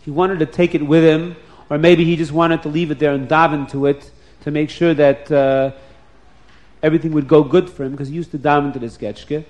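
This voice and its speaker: A man narrates a story to children with lively, dramatic expression, often turning to speak to them directly. His voice sits slightly high for a man. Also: fairly quick.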